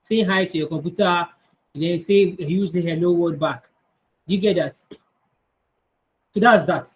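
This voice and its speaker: A man's voice: high voice, normal speed, low-quality recording. Man teaching an online coding class. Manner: conversational, answers questions, restarts often. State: strained voice. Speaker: coding instructor.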